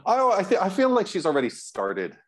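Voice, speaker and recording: A man's voice: high voice, huge pitch swings, a little fast. A man co-hosting a casual film discussion podcast, talking animatedly with frequent restarts and bursts of laughter. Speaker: co-host.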